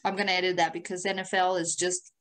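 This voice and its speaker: Woman podcast co-host, casual chat, animated and swearing, mid-pitched. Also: fast. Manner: animated, profane storytelling with frequent laughter.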